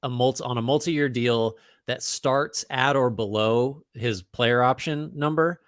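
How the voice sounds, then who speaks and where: A man's voice: medium pitch, unhurried, fairly bright tone, no echo, studio quality. A man co-hosting a casual basketball podcast, thinking aloud with frequent restarts and fillers. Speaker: podcast co-host. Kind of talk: casual basketball analysis chat.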